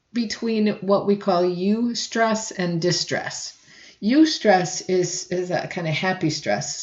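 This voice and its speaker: A woman instructor giving a recorded lecture, often clearing her throat and restarting sentences. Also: on the low side, a little mellow, reverberant, muffled recording. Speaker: college instructor.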